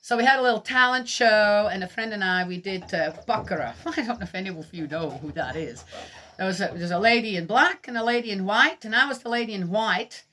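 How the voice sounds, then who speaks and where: A middle-aged woman from Switzerland teaches a Bible lesson through personal stories. Her voice is bright. She talks in a chatty way, laughs often and keeps asking her listeners questions. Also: mid-range voice, fairly quick. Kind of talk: storytelling sermon.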